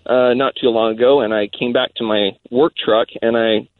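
A man calling in to a radio show, telling a story in a rambling way with lots of pauses and fillers. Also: medium pitch, steady tone, dry recording. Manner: rambling, hesitant, many fillers. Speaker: caller. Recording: tinny phone line.

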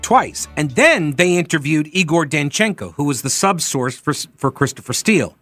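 A man's voice: a little high, sing-song, normal speed, a bit bright, soft background music. A man hosting a political talk radio show, speaking emphatically and conversationally, correcting himself as he goes.

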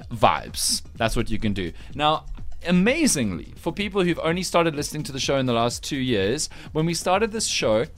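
A man hosting a radio breakfast show, teasing and lively, with quick asides. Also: on the high side.

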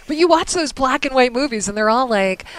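A woman's voice: sits high, lively intonation, brisk. A woman co-hosting a podcast, chatting casually and encouraging the others, laughing often. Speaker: podcast co-host. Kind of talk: casual chat.

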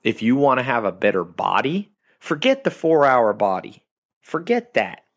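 A man's voice: mid-range voice, sing-song, normal speed, no echo, clean studio sound. Emphatic man giving a motivational talk. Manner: emphatic, punchy, repeats key phrases. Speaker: podcast host. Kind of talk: motivational monologue.

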